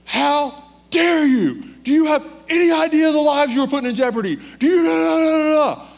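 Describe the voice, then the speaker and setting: A man acting out a furious male highway patrolman, yelling at the top of his lungs. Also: very animated, normal speed, heavily acted.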